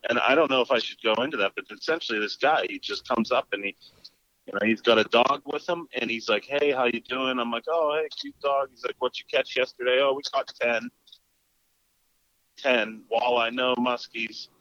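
A man's voice: medium pitch, moderate pace, dry recording, lo-fi sound. A man in casual talk, telling a story with energy and acting out both sides of a quarrel. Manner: animated, acts out both sides of the exchange.

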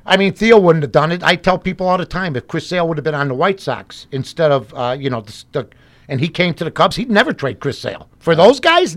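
A man's voice: a little high, a bit bright. A man from Chicago, a guest in a casual chat, telling rambling stories full of "you know, I mean" asides.

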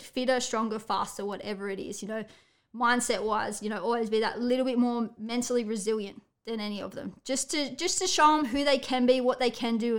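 A young woman, a coach talking bluntly and energetically in a casual motivational podcast monologue. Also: a little high. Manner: blunt, energetic, tells it how it is. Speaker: athletics coach and podcast host.

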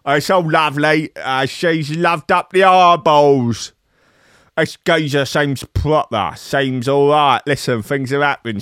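A man's voice: fairly high pitch, clean tone, dry recording, clean studio sound. A man doing a comedic impression of a boastful, swearing Cockney geezer with a Cockney accent. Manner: loud, crude, swaggering, lots of swearing.

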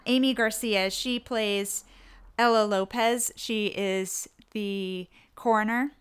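A woman's voice: mid-range voice, steady tone, slow pace, clean tone. A woman co-hosting a podcast in casual chat, chatty and reading out actor bios. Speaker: podcast co-host.

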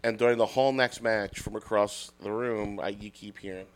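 A man's voice: on the low side, fairly even intonation, moderate pace, a little hiss or hum. A man doing a comic bar-story bit, profane and self-mocking, acting out the voices. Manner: profane, self-deprecating, acts out quotes. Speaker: podcast guest. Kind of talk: comedic storytelling.

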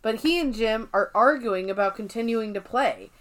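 A woman's voice: fairly high pitch, normal speed. A woman co-hosting a podcast, casually recapping an episode and acting out characters' lines with a lot of energy. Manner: animated retelling, acts out characters' lines; swears casually. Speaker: podcast co-host.

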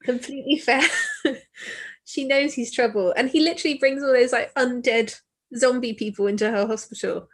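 A woman co-hosting a podcast, chatting casually and telling stories with lively acted-out quotes. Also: fairly high pitch, moderate pace. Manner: lively storyteller, acts out quotes. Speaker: podcast co-host. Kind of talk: casual chat.

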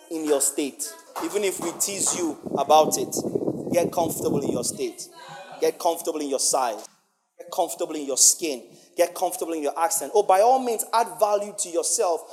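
A male preacher delivering a sermon, emphatic and playful, swinging from loud outbursts to hushed lines. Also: on the high side. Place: church hall. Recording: long reverb of a large hall.

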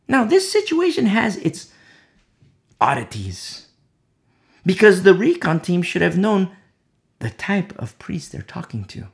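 A preacher delivering an animated sermon, driving points home with emphatic repetition and acting out the people in the story. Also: mid-range voice, unhurried, vocal fry, long pauses. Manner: acts out quoted voices.

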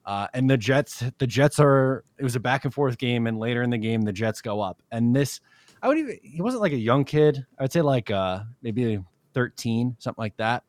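A young man in his twenties rambles through a story on a sports podcast and laughs as he goes. He talks loosely and casually at an ordinary pitch. The sound is close and dry. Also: animated, moderate pace, darkish tone, dry recording. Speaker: podcast co-host.

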